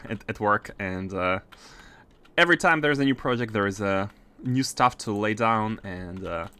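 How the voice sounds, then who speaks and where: A man's voice: on the low side, pushed and bright, clear, resonant tone. A man streaming a factory-building game, thinking aloud in casual commentary with lots of fillers and restarts, keyboard typing behind him. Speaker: gaming streamer.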